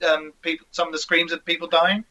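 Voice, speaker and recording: Bright-voiced male host. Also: on the high side, flat delivery, fast, poor audio. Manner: chatty, many asides. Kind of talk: casual interview chat.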